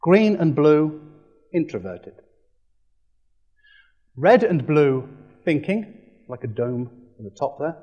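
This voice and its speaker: A man giving a lively training presentation, playful and animated, acting out quick quoted voices. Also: a little high, lo-fi sound. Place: presentation room.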